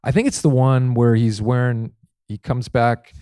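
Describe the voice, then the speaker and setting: A male comedian guest telling a story on a live show stage, animated and laughing between lines. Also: medium pitch, moderate pace, clean tone, no echo, clean studio sound.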